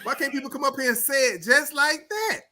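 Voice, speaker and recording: A man in a casual chat who agrees loudly and fires off preachy rhetorical questions. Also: very high-pitched, animated, brisk.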